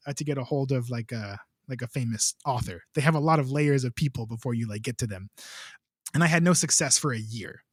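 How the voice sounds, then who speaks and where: A man's voice: mid-range voice, no echo, clean studio sound. A young adult man, a composer, telling a long story in a casual, rambling way, full of filler words. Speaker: composer, podcast guest.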